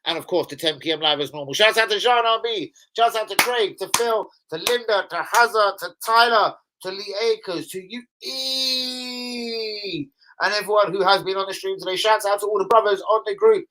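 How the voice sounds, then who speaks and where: A man's voice: sits high, moderate pace, background noise. A young adult man hosting a football fan livestream, chatting casually with heavy swearing and rambling banter. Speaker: football fan channel host.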